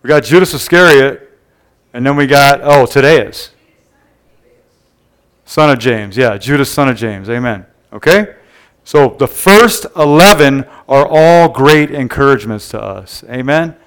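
Conversational preacher with a smooth voice. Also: male voice, mid-range voice, lively intonation, measured pace. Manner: conversational, keeps asking the room "Amen?". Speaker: pastor. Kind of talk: sermon. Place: church service before a congregation.

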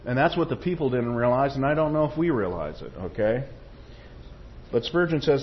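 A man's voice: mid-range voice, expressive, a little fast, highs cut off, slight background noise. A man preaching a sermon, reading quotations with rising force and checking in with the congregation. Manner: tag questions to the congregation.

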